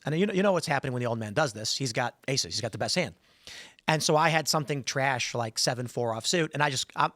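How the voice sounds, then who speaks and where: A man hosting a podcast, telling stories in an animated way and acting out the voices in them. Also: medium pitch, dry recording, clean studio sound. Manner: animated storyteller, acts out quoted voices. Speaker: podcast host. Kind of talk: casual talk-show chat.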